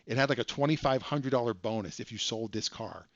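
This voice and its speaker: A man's voice: mid-range voice, brisk, no room sound, lo-fi sound. A man hosting a live stream from home at his computer, telling a story with joking asides. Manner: chatty, self-deprecating, joking asides. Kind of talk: casual storytelling.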